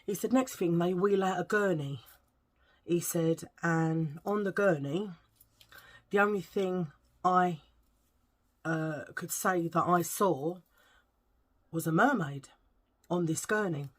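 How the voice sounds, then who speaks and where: Middle-aged lady rambling thru a story, kinda low voice, stops to hunt for words. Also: slow, long pauses. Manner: rambling, chatty, searches for words, eats while talking. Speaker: vlogger. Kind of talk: casual storytelling chat.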